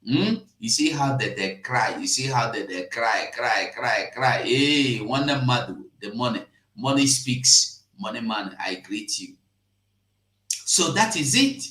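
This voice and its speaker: Slow, emphatic Nigerian man streaming. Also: medium pitch, animated, echoey room. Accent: Nigerian Pidgin English. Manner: emphatic and repetitive, swinging between loud outbursts and hushed asides. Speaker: live-stream host. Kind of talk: casual live-stream commentary.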